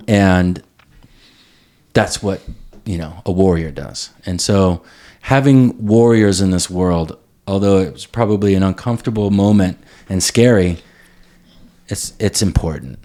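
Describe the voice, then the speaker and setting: A man hosting a conversation, sharing his own story and reflecting in a measured, earnest way. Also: low-pitched, a little mellow. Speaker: host.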